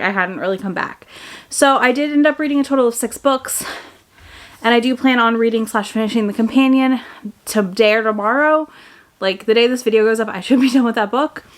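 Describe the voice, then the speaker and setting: A young woman chatting casually in a reading vlog at home, upbeat and full of fillers and restarts. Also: on the high side. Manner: hushed late-night whisper. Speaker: book vlogger.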